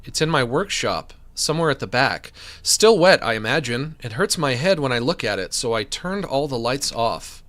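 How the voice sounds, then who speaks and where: A man's voice: medium pitch, very animated, normal speed, hardly any pauses, fairly bright tone. A man voicing an anxious, paranoid male painter in a video game, talking in a jittery, pleading way. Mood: uneasy.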